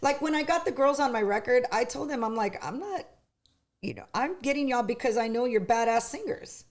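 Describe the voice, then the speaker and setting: A middle-aged woman, a singer, chatting as an interview guest with lots of restarts and lively retelling. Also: fairly high pitch, a little fast. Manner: chatty, animated storytelling with many restarts. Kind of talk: casual interview chat.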